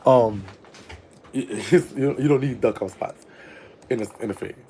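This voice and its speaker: A man tells a personal story to camera in a loose, campy manner, swearing freely. His voice is mellow and warm, and a faint noise sits under it. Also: medium pitch, moderate pace, poor audio. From Louisiana. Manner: chatty, profane, campy, calls listeners "girl". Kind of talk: casual storytime chat.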